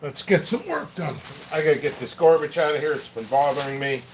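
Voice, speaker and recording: Casting: talkative male vlogger, slightly high voice, rambling to himself, faint room hum. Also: animated, brisk. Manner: rambling, chatty, talks to himself while working. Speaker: pepper seed seller and channel host. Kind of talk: casual solo vlog.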